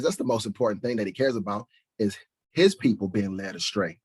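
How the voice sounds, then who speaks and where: A middle-aged man preaching a blunt, mocking sermon and reading scripture, with swings between soft asides and shouting. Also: lowish voice, animated, fairly quick, husky, no echo.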